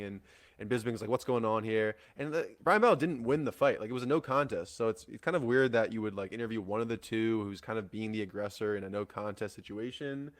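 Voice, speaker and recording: A man hosting a solo fight-news show, rambling in a casual way with lots of fillers, restarts and swearing. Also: fairly low pitch. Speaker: MMA podcast host.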